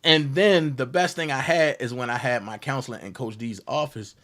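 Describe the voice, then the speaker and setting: A young man telling a story about his college days, acting out the voices of the people in it with loud jumps. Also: medium pitch, moderate pace. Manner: acts out quotes with big loud jumps in voice. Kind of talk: animated storytelling.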